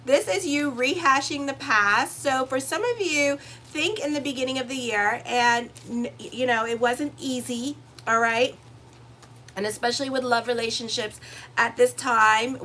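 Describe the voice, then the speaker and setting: A woman's voice: sits high, pushed and bright, slight background noise. A woman astrologer giving a casual, blunt horoscope reading with swearing and rambling digressions. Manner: chatty, blunt, swears freely, digresses into stories. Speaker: astrologer and tarot reader.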